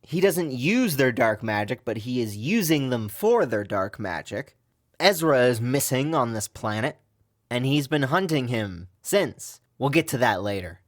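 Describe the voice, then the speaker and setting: A man's voice: mid-range voice, sing-song, unhurried. A man giving a casual video review of a TV episode, in a sarcastic and complaining way. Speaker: TV show reviewer.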